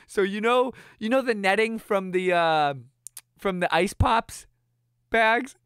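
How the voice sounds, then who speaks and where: Streamer in their twenties spinning a funny anecdote, animated and laughing, dry close sound. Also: medium pitch, takes it slowly, clear, resonant tone, dry recording. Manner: animated, laughing often, acting out quotes. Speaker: streamer telling a story. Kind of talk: casual storytelling chat.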